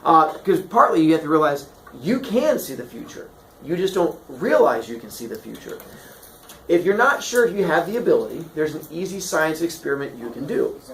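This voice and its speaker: Brisk and fairly high-voiced, a male teacher delivers a comic storytelling lesson on old myths, animated and putting on silly character voices. The sound is echoey, with a slight hiss or hum.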